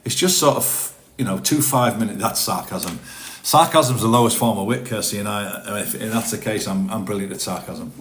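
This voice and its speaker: Man, casual live-stream chat, low voice, rambling, self-deprecating, roomy sound. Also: moderate pace, a bit bright. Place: his home, indoors.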